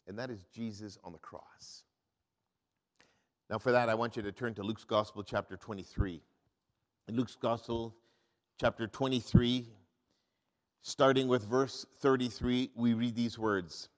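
A male pastor preaching a sermon in an animated way, often asking the congregation questions. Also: mid-range voice, unhurried, long pauses.

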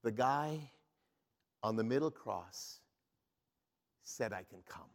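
A preacher playing a bewildered thief at heaven's desk. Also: male voice, lowish voice, animated, slow pace, pitched below the performer's own voice. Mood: simple.

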